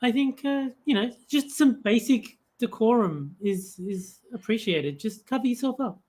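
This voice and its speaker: A man with an Australian accent talks at an ordinary pitch as a show co-host. He chats casually and restarts his words often. His remarks sound wry. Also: unhurried, darkish tone. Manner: stammering, wry. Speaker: podcast co-host. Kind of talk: casual chat.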